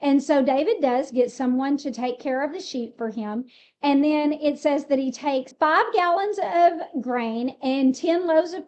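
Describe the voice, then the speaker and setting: A woman's voice: sits high, a little mellow. A woman casually retelling a Bible story, explaining it in a conversational way with fillers. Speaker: Bible teacher. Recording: slightly muffled recording.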